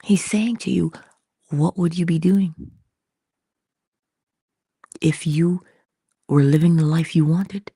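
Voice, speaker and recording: A woman hosting an inspirational livestream, talking slowly and intimately, dropping into whispers at times and greeting viewers in the chat. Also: on the low side, steady tone, warm tone, breathy edge, no room sound, clean studio sound. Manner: slow, intimate, drops into whispers. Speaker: motivational livestream host.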